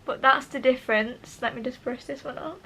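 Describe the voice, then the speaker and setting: A young woman talks straight into her camera at home, chatting casually as she tries out make-up. Her voice sits high and bright, and she turns eager and self-mocking as she goes. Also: brisk, slightly rough. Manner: chatty, self-deprecating, enthusiastic. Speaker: beauty vlogger. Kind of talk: casual make-up tutorial chat. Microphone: camera mic, talking to camera.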